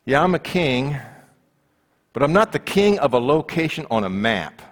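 A man's voice: fairly high pitch, very animated, moderate pace, big-room sound. A man preaching a conversational sermon, acting out the voices of the people in the story.

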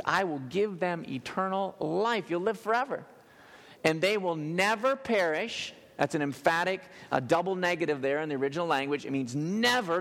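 A man preaching a sermon as a pastor, animated and joking with the congregation in a church. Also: on the high side, vocal fry. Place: church sanctuary. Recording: long hall reverb.

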